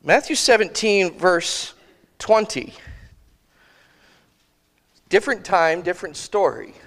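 High-voiced man preaching conversationally. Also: animated, fairly bright tone, long reverb tail. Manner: conversational, thinking aloud with restarts; slow, emphatic phrasing of quoted scripture. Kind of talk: sermon.

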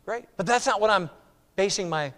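A man preaching a sermon emphatically, repeating words and phrases, swinging between loud exclamations and hushed, near-whispered lines. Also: sits high, lively intonation, moderate pace.

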